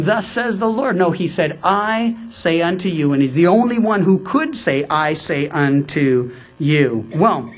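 Man preaching a conversational sermon. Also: high-pitched. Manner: conversational, emphatic, slows for quoted scripture. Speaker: pastor. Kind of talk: radio sermon.

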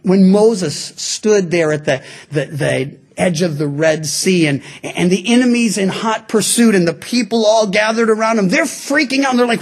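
A man preaching a sermon to his congregation, animated and acting out the voices of people in the stories he tells. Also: high voice, moderate pace, hardly any pauses. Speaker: pastor. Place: church before a congregation.

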